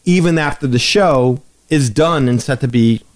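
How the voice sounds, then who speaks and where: A man's voice: mid-range voice, normal speed. A man hosting a podcast, telling a story in casual chat and acting out the quotes with energy. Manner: animated storyteller, acts out quotes. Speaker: podcast host.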